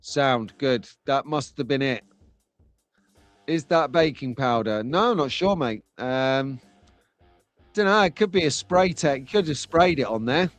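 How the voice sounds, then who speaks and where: A man's voice: mid-range voice, lively intonation, measured pace, no room sound, faint music behind. A middle-aged man hosting a casual live stream from home, chatty and jokey as he reads out viewers' comments. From England. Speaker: host of a live slot car stream.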